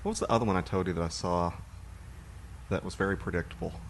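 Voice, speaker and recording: A man's voice: sits low, fast, a little hiss or hum. A man co-hosting a podcast, chatting casually and rambling about movies he has watched. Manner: relaxed, rambling storyteller. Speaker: podcast co-host.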